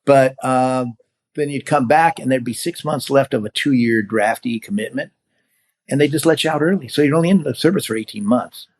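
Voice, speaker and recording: Older man telling lively stories. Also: medium pitch, moderate pace. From California. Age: 70s. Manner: animated storyteller who acts out quoted voices. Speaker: guest, veteran hang glider pilot. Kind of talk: casual storytelling in an interview.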